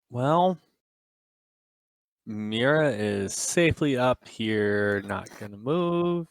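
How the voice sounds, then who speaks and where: A man playing a tabletop role-playing game who talks hesitantly and counts his dice out loud. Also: medium pitch, clear, resonant tone, no room sound. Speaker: player.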